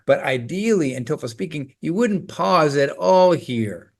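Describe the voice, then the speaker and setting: A man's voice: on the high side, animated, unhurried, gravelly. Upbeat male test-prep teacher. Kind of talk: scripted instructional explanation.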